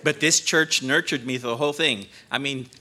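Standing in a church sanctuary as a visiting preacher, a man in his sixties opens with emotion, choking up and laughing at himself. He speaks briskly in a mid-range voice with a sharp tone.

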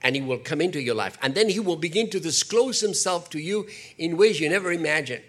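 An older man preaching a sermon, animated, slipping into acted quotes and jokey asides. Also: a little high, brisk. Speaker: pastor.

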